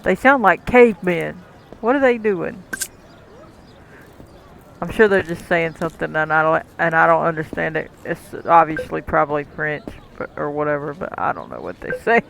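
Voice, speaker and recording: A man's voice: on the high side, lively intonation, moderate pace, creaky, fairly bright tone, a little hiss or hum, rough recording. A man casually commenting while playing a cooking game, talking to the customers and chuckling often. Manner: chatty, talks to the game's customers, chuckles often. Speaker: gameplay commentator.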